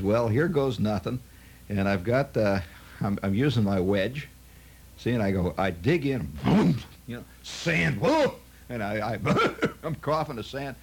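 Husky man telling a rambling anecdote. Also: mid-range voice. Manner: chatty, full of "see" and "you know" asides. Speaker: storyteller.

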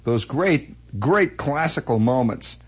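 A man telling a comic story from his childhood as a monologue, animated, acting out sound effects and voices with many restarts. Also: medium pitch, slow pace, breathy edge.

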